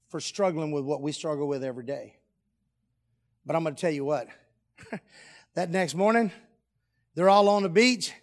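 Animated preacher man, high voice. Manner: animated, joking, swings between loud and hushed. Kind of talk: sermon.

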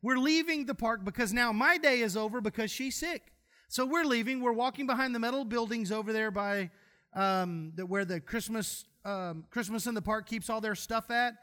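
A man's voice: very high voice, normal speed, bright, forceful tone. A man preaching a sermon in a church, folksy and humorous as he tells stories. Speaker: pastor.

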